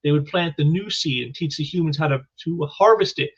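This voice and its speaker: A man reviewing a comic book in casual commentary, halting and often repeating words, on a dull lo-fi recording. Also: a little high, breathy edge.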